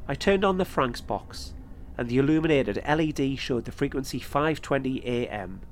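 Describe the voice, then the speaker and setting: Guy narrating his own spooky tale, steady and measured, regular pitch for a man. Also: slight background noise. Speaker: podcast host and narrator. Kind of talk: first-person storytelling narration.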